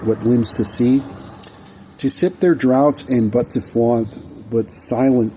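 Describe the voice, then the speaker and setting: A man's voice: medium pitch, warm tone, slight background noise, low-quality recording. Man reciting archaic rhyming verse. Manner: measured recitation in archaic diction, with restarts. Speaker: poet. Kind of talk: reading his own rhyming poetry aloud.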